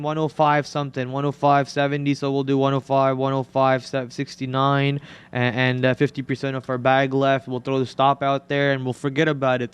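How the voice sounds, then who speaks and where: A man's voice: mid-range voice, clean tone, no room sound. A man hosting a live trading stream, chatting casually and joking while he talks through his trades, often repeating words as he goes.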